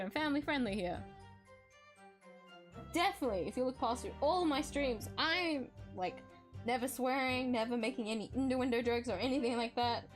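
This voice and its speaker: A woman's voice: high voice, normal speed. A woman streaming a courtroom game and chatting playfully, with frequent giggles and teasing asides. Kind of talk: casual game commentary. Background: faint background music.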